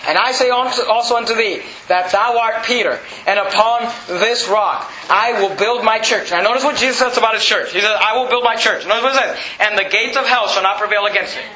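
A man's voice: high voice, a little fast, hardly any pauses, sharp tone, roomy sound, lo-fi sound. A man pastor preaching a sermon, asking the congregation rhetorical questions and building emphasis. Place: church sanctuary.

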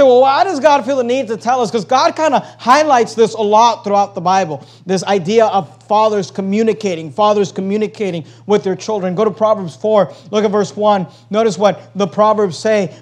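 Pastor guy with a pretty high voice, preaching hard, gets loud then drops real quiet. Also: brisk, few pauses. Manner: emphatic preaching that swings between loud and hushed; repeats phrases to drive a point home. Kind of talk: sermon.

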